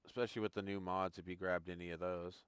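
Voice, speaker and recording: A man's voice: low-pitched, flat delivery, fast talker, fairly bright tone, clean tone, dry recording. A man chatting casually with viewers while he tours a farming game live, thinking aloud as he goes. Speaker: gaming streamer. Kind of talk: casual live-stream commentary.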